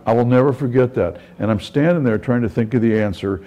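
A middle-aged pastor preaches a sermon, telling stories conversationally and frequently restarting his sentences. His voice is mid-range, brisk, and dark in tone.

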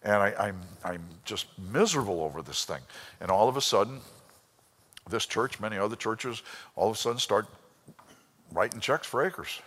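A man preaching a sermon, telling a personal story with emotion and swinging between loud bursts and hushed lines. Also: on the low side, expressive, moderate pace, pauses often, long reverb tail. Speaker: pastor.

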